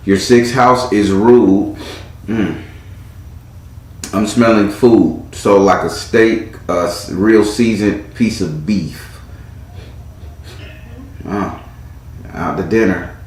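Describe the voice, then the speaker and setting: Speaking slowly and pausing often, this man has a fairly low, slightly mellow voice. He's the host of a casual live tarot session, reading cards in a chatty way while invoking spirit. Heavy echo and faint noise fill the recording.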